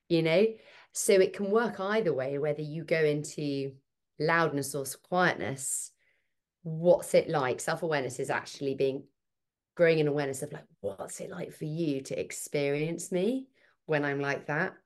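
A woman with a low, deep voice talks through ideas in a relaxed podcast chat. She is emphatic and animated, thinking aloud as she explains herself. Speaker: podcast guest, parenting speaker. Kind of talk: casual conversational interview.

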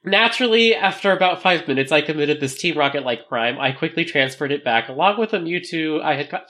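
A man reads a listener's email on a podcast in a casual chat voice, breaking in with playful asides. His pitch sits slightly high and swings widely. The delivery stays animated throughout. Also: a little fast, hardly any pauses. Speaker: podcast co-host.

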